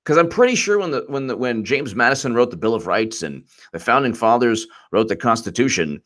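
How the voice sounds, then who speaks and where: Animated, mocking male political commentator. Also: medium pitch, fairly quick. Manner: rambling, mocking, laughs often. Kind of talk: live-streamed political commentary.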